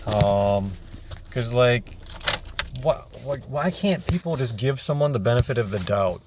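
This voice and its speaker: A man's voice: mid-range voice, lively intonation, unhurried, background noise. A young man ranting casually to camera as a vlogger, exasperated and rambling, repeating himself and swearing.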